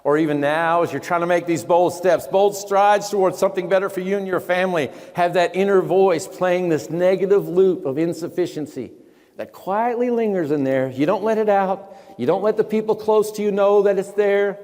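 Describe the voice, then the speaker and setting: A man giving a live motivational sermon in a large event hall. He talks emphatically, asks the audience questions, and often drops to hushed tones. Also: high voice, moderate pace. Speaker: motivational speaker. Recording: long hall reverb.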